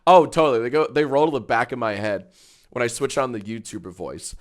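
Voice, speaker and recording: A man's voice: medium pitch, fairly quick. A man chatting casually on a livestream, joking and riffing on messages from chat. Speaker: streamer.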